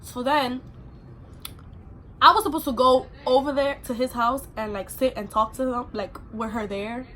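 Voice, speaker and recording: A woman's voice: high voice, fairly even intonation, normal speed, a bit bright, slight background noise. A young adult woman vlogger telling a personal story in a casual, rambling way, full of fillers.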